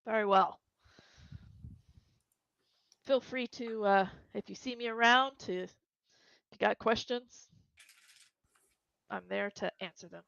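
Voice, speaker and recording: A woman's voice: mid-range voice, slow, gravelly, pauses often, a bit bright, dry recording, muffled recording. A woman voicing a friendly male town tour guide who rambles and hesitates while offering a tour. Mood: eager.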